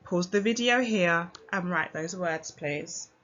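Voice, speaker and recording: A woman with a British accent teaching a recorded phonics lesson for young children, speaking slowly and clearly and sounding out each letter encouragingly. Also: on the low side, fairly bright tone. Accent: British English. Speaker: primary school teacher. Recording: dull lo-fi home recording.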